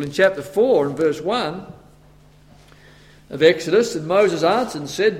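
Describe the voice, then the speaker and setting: Animated preacher in an echoing hall. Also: male voice, a little high, measured pace, long pauses. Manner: animated, acts out voices of Moses and God, stammering for effect. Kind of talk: sermon. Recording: long hall reverb.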